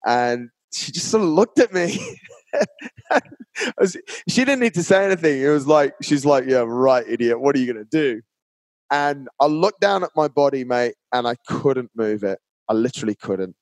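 A man speaking as a podcast guest, telling a personal story in a chatty, animated way, often saying "mate". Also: a little high, moderate pace, dry recording. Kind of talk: casual storytelling.

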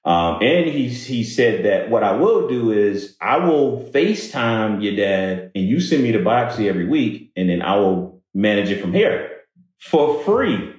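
A man telling a personal story in conversation, halting and repeating words as he goes. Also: on the low side, big pitch swings, darkish tone. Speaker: guest speaker on workplace diversity. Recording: very echoey room.

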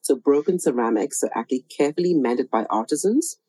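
A woman hosting a conversational interview, talking in a thoughtful, measured and softly encouraging way. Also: very deep voice, animated, husky, rough recording. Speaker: podcast host. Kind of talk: reflective interview talk.

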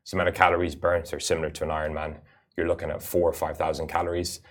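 A man's voice: very deep voice, level tone, very fast. A man, a rally racer and guest, giving earnest, explanatory interview answers with frequent "uh" fillers. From Ireland.

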